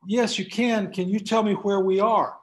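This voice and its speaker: A man's voice: high-pitched, steady tone, normal speed, voice pushed up, natural voice. A man doing a polite balloon pilot. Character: adult male hot air balloon pilot.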